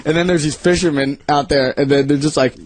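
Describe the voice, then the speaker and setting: A man's voice: on the high side, fairly even intonation, fast talker. A man hosting a radio talk show, rambling through a profane story and laughing as he goes. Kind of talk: casual storytelling chat.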